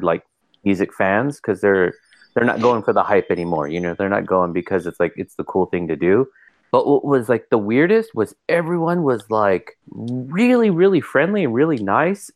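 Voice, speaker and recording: A man co-hosting a podcast, chatting casually and telling lively stories, voicing the people in them with sudden jumps in pitch. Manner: animated storyteller, mimics people with pitch jumps. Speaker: podcast co-host.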